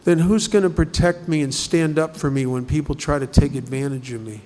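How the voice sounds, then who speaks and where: A man's voice: a little high, a little fast, darkish tone. A man speaking at a recovery group study, talking conversationally and asking many rhetorical questions. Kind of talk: recovery talk.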